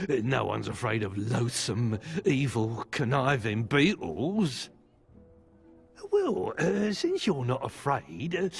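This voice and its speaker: Twitchy game merchant: slow, gravelly, swooping pitch, hates vermin. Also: full character voice. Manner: nervous, hesitant, then vicious about vermin. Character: jittery male merchant who hates beetles. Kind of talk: video game voice acting.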